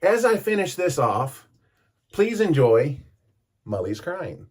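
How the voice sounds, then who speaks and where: A man's voice: a little high, big pitch swings, takes it slowly, darkish tone, slightly rough. A man telling a rambling story in a casual vlog, stopping to comment as he shaves. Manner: rambling, self-interrupting, chatty. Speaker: vlogger. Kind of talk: casual storytelling while shaving.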